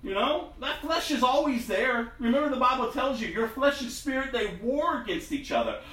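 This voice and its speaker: A man's voice: very high-pitched, expressive, normal speed, a bit bright, reverberant, distant mic, rough recording. A man preaching a sermon in a conversational, storytelling way. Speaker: pastor.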